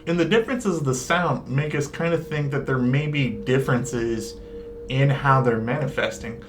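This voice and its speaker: A man co-hosting a paranormal discussion show, chatty and quick in places. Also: mid-range voice, slight background noise. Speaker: paranormal podcast co-host. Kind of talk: casual discussion.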